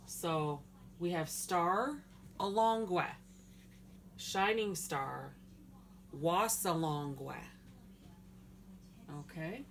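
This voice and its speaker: A woman with a somewhat low voice leads a pronunciation lesson at an unhurried pace. She breaks each word into syllables and repeats it patiently for her learners. A faint hum of noise sits behind her. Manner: sounds words out syllable by syllable, patient. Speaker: language teacher.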